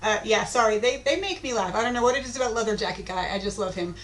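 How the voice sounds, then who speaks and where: A woman teaching an online lesson in a chatty, informal way, with plenty of filler ums. Her voice sits a little high. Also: lively intonation, fast talker, fairly bright tone.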